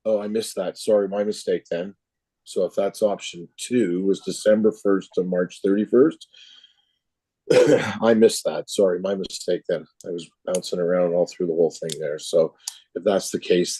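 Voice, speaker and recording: A man's voice: low-pitched, steady tone, moderate pace, warm tone, no echo, poor audio. A town councillor, a man losing his voice, talking casually and with laughs in a council meeting. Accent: Canadian. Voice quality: hoarse. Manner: casual, laughs often, rambling. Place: council chamber.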